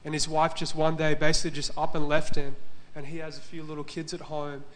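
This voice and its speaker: A male pastor gives a sermon in a church, speaking earnestly as he tells a story. His voice sits a little high for a man. He keeps a narrow, level pitch throughout. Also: completely flat delivery, brisk.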